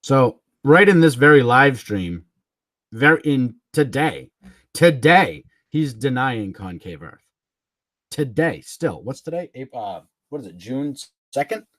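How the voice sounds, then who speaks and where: A man rants through a livestream in a combative, mocking tone, cursing and chuckling as he goes. His pitch swings widely and freely. The recording is close and dry. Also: sing-song, measured pace, a bit bright, no room sound. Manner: combative and mocking, swearing, chuckling between jabs. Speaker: livestream host. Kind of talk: ranting livestream commentary.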